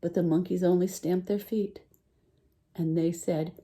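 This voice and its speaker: A woman teacher reading a picture book aloud to children, animated and full of questions for her listeners. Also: on the low side, a little slow, very noisy. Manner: animated, asks listeners questions, lively voice swings.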